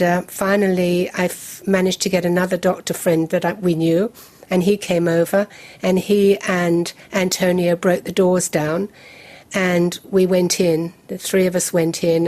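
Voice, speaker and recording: A woman in her seventies tells her story to an interviewer. Her voice sits a little low, and she walks through events step by step in a measured, detailed way. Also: flat delivery, a little mellow. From England. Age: 70s. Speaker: guest. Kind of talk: recounting a personal memory in an interview.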